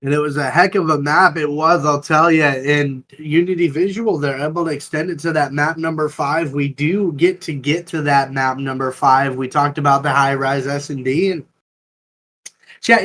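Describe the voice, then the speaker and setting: A man giving a relaxed, conversational recap as an esports color commentator. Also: on the high side, normal speed. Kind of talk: casual analyst commentary.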